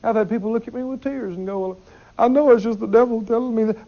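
A man's voice: extremely high pitch, fairly even intonation, fast, mellow, dull audio. A man preaching a sermon in an emphatic way, repeating his phrases and putting questions to the congregation.

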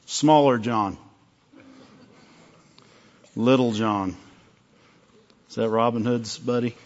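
Speaking slowly in a mid-range voice, this pastor delivers a sermon like a conversation. He often breaks off mid-thought to play out small dialogues, captured on a dull lo-fi recording.

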